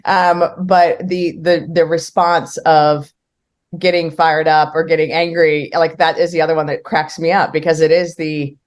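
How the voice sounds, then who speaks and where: A woman's voice: sits low, flat delivery, a little slow. A woman co-hosting a podcast, chatting playfully and asking her guest lighthearted questions. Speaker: podcast co-host. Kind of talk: casual interview conversation.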